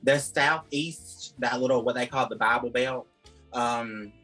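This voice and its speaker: A man's voice: medium pitch, a little slow, pushed and bright, faint music behind, low-quality recording. A man with a Southern US accent, chatting as an interview guest and rambling through his answers with lots of "like" and "um". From Georgia, USA. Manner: chatty, rambling, heavy use of "like" and "um". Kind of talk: casual interview chat.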